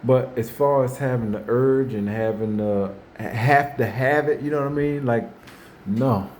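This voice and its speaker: Rambling man with a mellow voice. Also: mid-range voice, a little slow, slight background noise. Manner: rambling, repeats himself, restarts, acts out quotes. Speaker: host. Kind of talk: casual faith talk.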